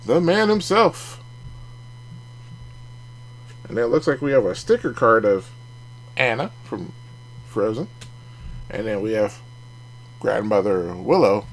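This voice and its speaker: A card collecting channel host speaks in a mid-range voice, with a little hiss or hum in the recording. Reviewing cards casually in his vlog, he chats, makes jokey asides and laughs at his own comments.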